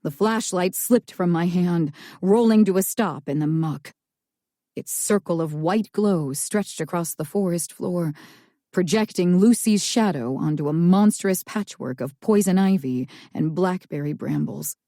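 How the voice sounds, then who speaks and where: A woman narrating a first-person thriller audiobook in a slow, tense storytelling manner. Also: lowish voice, warm tone, no room sound, clean studio sound.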